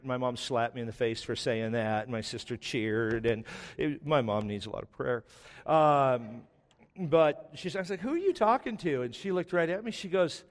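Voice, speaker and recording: A man in his forties preaching a sermon as pastor, telling stories with joking asides. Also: medium pitch. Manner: conversational storytelling with joking asides. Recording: long reverb of a large hall.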